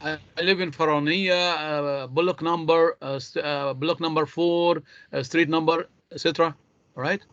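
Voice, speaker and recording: A man teaching an English class online, patient and halting with many fillers. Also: a little high, steady tone, a bit bright. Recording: dull dry lo-fi sound.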